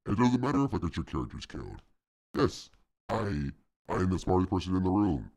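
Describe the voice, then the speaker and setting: An extremely low, gravelly and husky voice brags about itself as a smug male game developer, a streamer putting on the impression. The pitch swings widely while the tone stays boastful and self-satisfied, in a mock impression on a live stream. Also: very animated, brisk, darkish tone, heavily acted. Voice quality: exaggerated deep gravelly impression voice.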